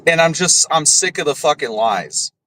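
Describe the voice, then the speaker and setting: A man's voice: on the high side, lively intonation, moderate pace, bright, forceful tone, rough recording. A man hosting a podcast, delivering a profane, scornful rant and ending his points with "right?". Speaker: podcast host. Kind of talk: ranting commentary.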